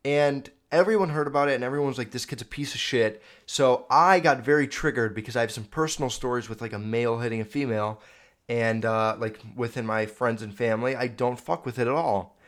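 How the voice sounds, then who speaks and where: A man's voice: medium pitch, fairly quick, fairly bright tone. Rambling, profane young man telling stories. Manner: rambling, profane, self-correcting. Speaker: podcast host. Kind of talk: casual storytelling monologue. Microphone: video podcast mic.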